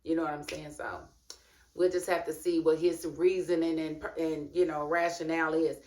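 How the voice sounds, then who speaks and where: A woman's voice: deep voice, flat delivery, moderate pace, a little mellow, reverberant. A woman hosting her own channel, giving a casual, chatty recap and review of a TV episode and talking straight to her viewers. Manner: chatty, colloquial, talks straight to viewers as "honey" and "y'all".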